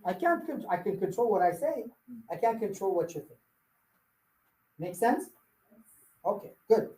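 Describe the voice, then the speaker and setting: A man's voice: sits high, very animated, a little slow, dark tone, reverberant, low-quality recording. A man leading a live sales coaching workshop, blunt and firing rhetorical questions at his audience. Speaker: real estate sales trainer.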